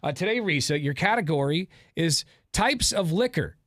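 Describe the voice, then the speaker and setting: A man's voice: fairly high pitch, lively intonation, normal speed, a bit bright, no echo. A man hosting a morning radio show, running a call-in game with teasing, blunt banter into a studio mic. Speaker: radio host. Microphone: studio microphone.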